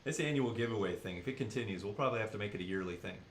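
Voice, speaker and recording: A man's voice: fairly low pitch, rapid-fire, reverberant, a little hiss or hum. A man with an East Coast Canadian accent, co-hosting a livestream and joking as he reads the chat aloud. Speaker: co-host. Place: studio.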